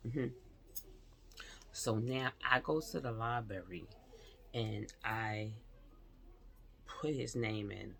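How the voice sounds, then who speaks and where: A woman vlogger telling a personal story in a casual, animated way, talking straight to her viewers and slipping into whispered asides. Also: very deep voice, vocal fry, a little hiss or hum.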